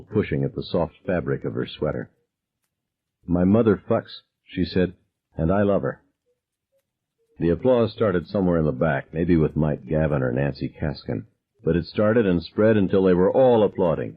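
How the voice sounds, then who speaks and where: A man reading a novel aloud as narrator, calm and measured, dropping low on dialogue tags. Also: slightly rough, dull audio. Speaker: audiobook narrator. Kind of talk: scripted narration.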